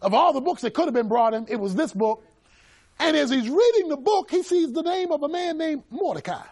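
A male pastor preaching a sermon, telling stories animatedly, with bursts of shouting. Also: very high voice, lively intonation, a little fast.

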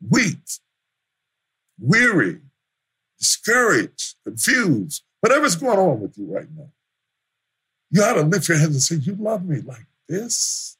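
A man preaching a sermon as pastor, building to shouts through repeated refrains. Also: fairly high pitch, huge pitch swings, slow pace, pauses often, slightly rough.

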